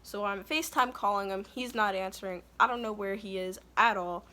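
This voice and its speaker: Speaking fairly quickly at a medium pitch, with a pushed, bright quality, a young vlogger tells her birth story. It's casual and meandering, with occasional breaks to deal with her toddler.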